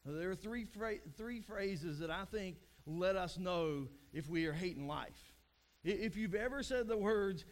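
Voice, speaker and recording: A man's voice: high-pitched, expressive, a little slow. A man, a pastor in his thirties with young kids, preaching a conversational sermon, repeating phrases and acting out weary, frustrated speakers.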